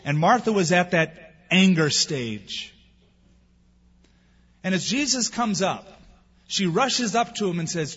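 A man's voice: high-pitched, lively intonation, takes it slowly, pauses often, fairly bright tone, slightly rough. A man preaching a sermon as pastor, asking rhetorical questions and acting out the people he quotes. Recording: dull sound with long hall reverb.

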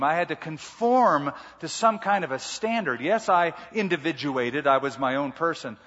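A man's voice: on the high side, a bit bright. A male pastor preaching a sermon, emphatic and repeating key words. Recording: muffled hall reverb.

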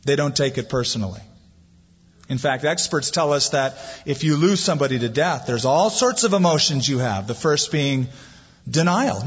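A man preaching a sermon, animated as he acts out the voices in the story. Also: mid-range voice, moderate pace, husky. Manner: lively preaching, acting out quoted voices. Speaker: pastor. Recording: dull lo-fi sound, long hall reverb.

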